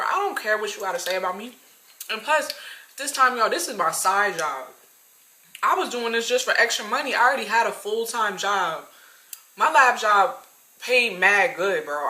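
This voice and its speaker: Animated young woman telling a story. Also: mid-range voice, echoey room, poor audio. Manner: animated, slangy, talks straight to viewers. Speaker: vlogger. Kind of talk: casual storytime vlog.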